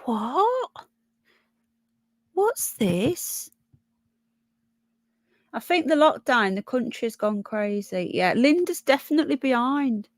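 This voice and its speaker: A woman's voice: a little high, lively intonation, moderate pace, hardly any pauses, no room sound, studio quality. A woman from Birmingham with a Brummie accent and a touch of Yorkshire, chatting casually as a livestream host, blunt and sweary, calling viewers "love". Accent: Brummie, with some Yorkshire. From Birmingham, England. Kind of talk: casual live chat reading comments and news.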